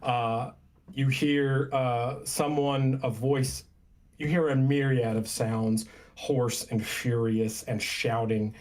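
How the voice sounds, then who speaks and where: Guy running a tabletop game, slow deliberate narration, lots of uhs. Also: mid-range voice, fairly even intonation, a little mellow. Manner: unhurried, descriptive, filler-heavy. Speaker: game master.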